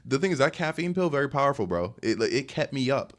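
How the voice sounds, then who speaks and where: A man in his twenties, rambling through a casual dating storytime with lots of fillers and sudden jumps in pitch. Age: 20s. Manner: fast rambling talk with many fillers, lively jumps in pitch; reads text messages aloud in a lower, softer voice. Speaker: vlogger telling a dating story.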